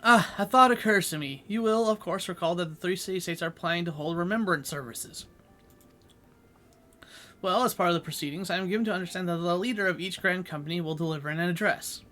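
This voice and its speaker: A composed noble advisor explaining matters in formal, archaic phrasing, read by a man in his own voice. The voice is high and bright for a man, steady and measured. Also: faint music behind. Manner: plain formal reading of archaic dialogue.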